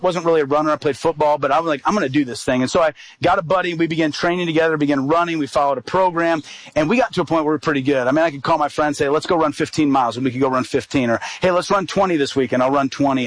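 A man's voice: on the high side, no room sound, poor audio. A middle-aged man, an evangelist, telling a personal story in a sermon and acting out the dialogue. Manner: animated storyteller, acts out quoted dialogue.

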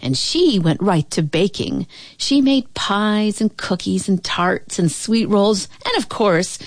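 Storybook reader, woman, slow and sing-song with wide pitch, dry close mic. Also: lively intonation, no room sound. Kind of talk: reading a picture book aloud.

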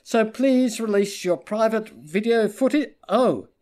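A man's voice: high voice, expressive, measured pace, a little mellow, pitched above the performer's own voice. Male reader doing a cutting, sarcastic female private eye for an audiobook; slightly raised voice. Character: sharp-tongued female private investigator.

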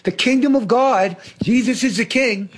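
A man's voice: very high voice, normal speed. A man hosting a faith talk, preaching fervently about salvation and healing. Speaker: host.

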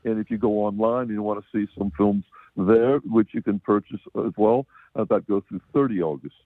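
A man's voice: fairly low pitch, a little fast, no echo. An American man giving a casual, rambling film review on radio, chuckling often as he talks. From United States. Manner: rambling, chuckling, many restarts. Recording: dry phone-line sound.

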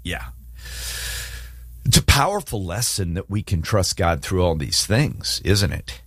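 A man hosts a relaxed faith talk show, his voice rising and falling with lively energy. He tells stories and acts out scenes with animation. The sound is dry, with no room echo. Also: low voice, a little slow, breathy edge. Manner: animated, storytelling, dramatizes scripture scenes. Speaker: host.

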